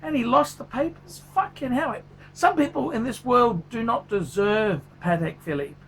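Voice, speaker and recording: A man's voice: extremely high pitch, lively intonation, normal speed, creaky, a bit bright, a little hiss or hum, heavily acted. A man voicing a furious, foul-mouthed male watch reviewer who swears constantly in a paid review rant. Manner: swears constantly, ranting, blunt.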